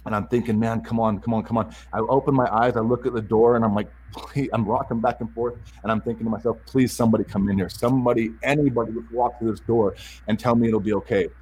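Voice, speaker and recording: A man candidly telling a personal story, halting and repeating words as he restarts his sentences. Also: medium pitch, steady tone, a little mellow, a little hiss or hum, low-quality recording.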